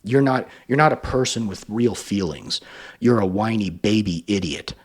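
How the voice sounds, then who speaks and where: A man's voice: lowish voice, expressive, moderate pace. A man giving emphatic reaction commentary on a video, now and then mocking others in a sneering voice.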